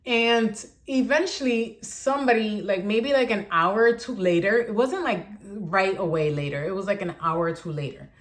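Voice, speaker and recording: A young adult woman vlogger telling a personal story in a casual, animated way, filling her talk with "like". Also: medium pitch, moderate pace, hardly any pauses. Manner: chatty, animated, heavy use of "like".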